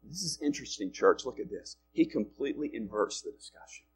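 A male pastor preaching a sermon in a conversational way, rising loud and dropping quiet to make his points. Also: mid-range voice, expressive, fairly quick, a little hiss or hum. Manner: conversational preaching with wide swings in loudness.

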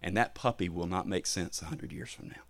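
A pastor preaching an impassioned sermon. He repeats his points with emphasis and his voice suddenly swells in loudness. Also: low-pitched, a little fast, no echo, studio quality.

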